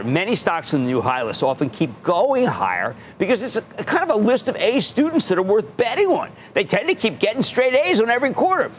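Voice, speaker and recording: Middle-aged male TV finance host; emphatic, animated delivery, slightly high voice. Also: a little hiss or hum. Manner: emphatic, repeats phrases, sudden exclamations. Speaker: TV market show host. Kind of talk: energetic TV finance commentary.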